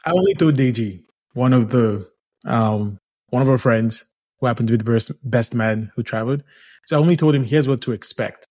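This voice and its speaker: A man co-hosting a podcast in casual chat, telling stories in a teasing, animated way. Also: medium pitch, brisk. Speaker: podcast co-host.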